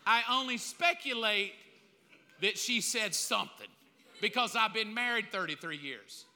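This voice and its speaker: Speaking at a measured pace, a middle-aged pastor with a high, bright, forceful and animated voice preaches a humorous sermon, voicing a crowd as he goes. A large hall gives long reverb, and there's slight background noise.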